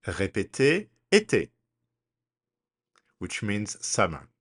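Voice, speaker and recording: A man teaching French pronunciation, speaking deliberately and spelling words out letter by letter in a slow drill. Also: lowish voice, wildly swooping pitch, a bit bright, slightly rough.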